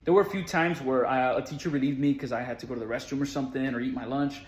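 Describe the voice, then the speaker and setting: In a room with noticeable echo, a school support worker recounts something from his own life at a quick pace. His medium-pitched voice stays steady as he talks earnestly and conversationally, using casual fillers along the way.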